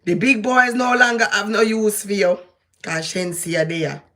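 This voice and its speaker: A female vlogger with a Jamaican accent speaks at a medium pitch, a little slowly, with a slightly bright tone. Her commentary is casual but preachy and emphatic, aimed straight at the person she's addressing.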